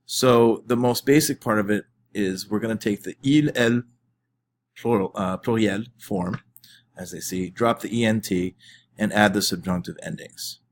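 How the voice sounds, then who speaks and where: A man with a fairly low voice teaches his class, walking through each step of the lesson. He talks at an easy pace with the odd filler and restart. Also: normal speed, slight background noise. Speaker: French teacher.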